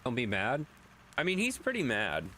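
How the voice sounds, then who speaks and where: A man's voice: mid-range voice, wildly swooping pitch, normal speed, sharp tone, a little hiss or hum. A man streaming a game late at night, reading chat aloud in a chatty way, swearing now and then.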